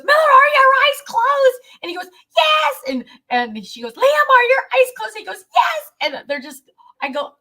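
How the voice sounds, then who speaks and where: A middle-aged woman telling a family story in a casual vlog, animated and quick to laugh. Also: on the high side. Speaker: vlogger.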